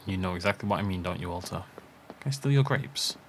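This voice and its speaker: A man's voice: sits low, fast talker, slight background noise. A man hosting a let's play, commenting casually on a farming game with rambling, self-interrupting asides and chuckles.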